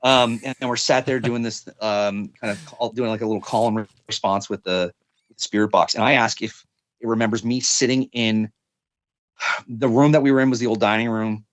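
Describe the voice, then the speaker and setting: A man's voice: on the low side, fairly even intonation, a little fast, dry recording. A young man, a podcast guest, telling a story in a casual, rambling way, full of fillers and restarts.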